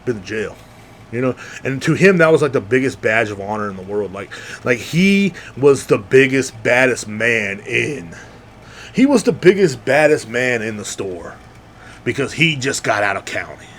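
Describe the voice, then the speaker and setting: A young man with a mid-range voice talks at normal speed over a little hiss or hum. He's a podcast host delivering a casual, rambling monologue, animatedly acting out the people he quotes.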